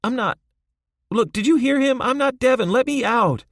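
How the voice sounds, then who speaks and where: A desperate, whiny prisoner, as a male reader puts him on, pitched far above the reader's own low voice and loud. Pleading in an audiobook, in a dry, close sound. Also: huge pitch swings, normal speed, gravelly, slightly rough, dry recording, exaggerated voice. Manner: high, pleading outbursts. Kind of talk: audiobook character voice.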